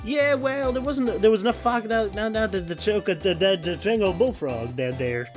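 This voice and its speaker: A man's voice: high voice, moderate pace, voice pushed up, lightly acted. A man putting on a sassy Southern gal. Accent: Southern US drawl, put on. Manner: folksy, sassy, loud. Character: brash Southern young woman photographer. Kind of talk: reading game dialogue aloud. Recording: game music behind.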